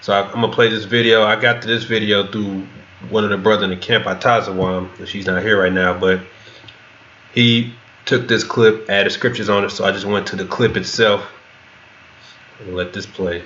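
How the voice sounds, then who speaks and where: Man, Bible class teacher, lowish voice, dull lo-fi sound, faint hiss. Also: steady tone, normal speed, a bit bright. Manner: plain, loose spoken delivery with restarts. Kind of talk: scripture lesson and commentary. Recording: dull lo-fi recording with faint background noise.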